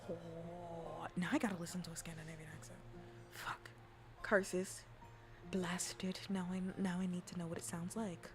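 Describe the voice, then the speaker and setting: A woman streamer in a soft-voiced ASMR chat, rambling and giggling and sliding into hushed whispers. Her voice has a gravelly, creaky edge, with faint music playing behind her. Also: fairly low pitch, flat delivery, a little slow.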